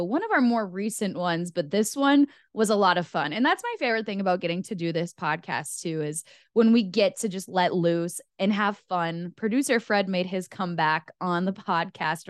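A woman's voice: fairly low pitch, dry recording, studio quality. Chatty young woman podcast host. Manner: chatty, enthusiastic, laughs often. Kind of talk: casual chat.

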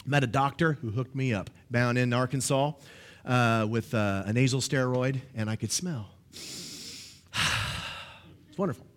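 A middle-aged man preaching a sermon as pastor, animated and jokey, acting out quotes in sudden high voices. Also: unhurried, long pauses.

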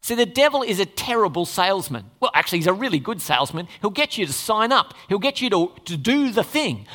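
A preacher delivering a sermon in an expressive way, acting out the characters of the scripture story. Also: medium pitch. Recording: long reverb of a large hall.

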